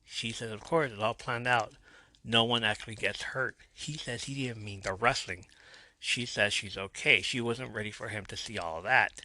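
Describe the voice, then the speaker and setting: A low, bright-toned man recaps a show episode for his podcast in a lively storytelling manner. He slips into light versions of the quoted lines as he goes. The sound is close and dry. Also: dry recording. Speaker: podcast host.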